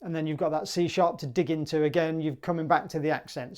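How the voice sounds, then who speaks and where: A man with a British accent teaching a clarinet piece in a relaxed, chatty way, sometimes singing the rhythms in syllables. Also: on the high side, fast talker. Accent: British English. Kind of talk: relaxed music tutorial.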